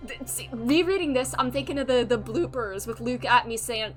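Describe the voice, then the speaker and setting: A young adult woman streaming a game, chatting excitably with giggles and loud outbursts. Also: fairly high pitch, a little fast, faint music behind. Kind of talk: live game commentary.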